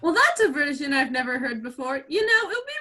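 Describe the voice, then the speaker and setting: A woman's voice: sits high, sing-song, normal speed, a bit bright. Gloating russian bad guy, hammy fake accent, bouncy voice all over the place , read by a young woman. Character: gloating male Russian villain, smug and menacing. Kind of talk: amateur script read-through over video call.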